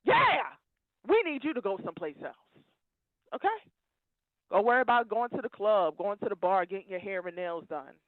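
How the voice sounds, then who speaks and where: Woman caller, emotional, fiery and preachy, animated pitch, tinny phone sound. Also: brisk, no echo. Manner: preachy, fiery, repeats phrases for emphasis. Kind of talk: impassioned call-in rant. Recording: tinny dry phone line.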